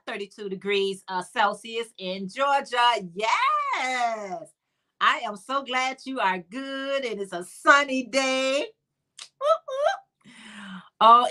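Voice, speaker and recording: A woman's voice: fairly high pitch, moderate pace, few pauses, bright, forceful tone. A woman with a Chicago accent hosting a casual livestream chat, greeting viewers by name and calling them honey in an upbeat way. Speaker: livestream host.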